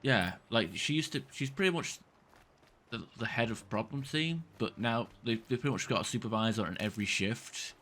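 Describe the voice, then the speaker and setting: A man's voice: medium pitch, moderate pace, fairly bright tone, slight background noise. A man streaming a game, rambling casually and venting in frustration, with occasional swearing. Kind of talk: casual gameplay chat.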